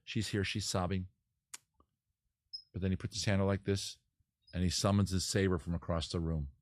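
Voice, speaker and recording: A man hosting a casual livestream, talking in a rambling, self-interrupting way, swearing and acting out scenes in quick put-on voices. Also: low voice, fairly even intonation, a little hiss or hum. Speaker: livestream host. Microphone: camera mic.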